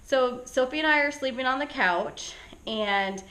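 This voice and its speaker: A woman pet sitter telling a story in a casual storytime vlog, chatty and animated, full of "like" and "right?" asides. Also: sits high, measured pace, slight background noise.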